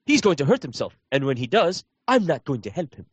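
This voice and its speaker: A man mimicking a gossiping male townsperson from a video game, in a mocking, exaggerated voice with his pitch pushed up. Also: very animated, a little fast, husky, no echo.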